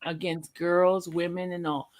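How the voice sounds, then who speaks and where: A woman's voice: on the low side, level tone, a little slow. A young woman in casual chat who teases and playfully challenges her mother. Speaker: daughter in conversation.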